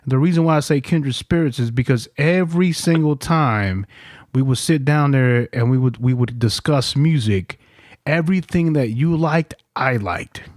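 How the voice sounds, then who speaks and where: Laughing, profane storytelling host. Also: male voice, medium pitch, moderate pace, a little mellow, dry recording, studio quality. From New York. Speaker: podcast host. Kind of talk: casual interview chat.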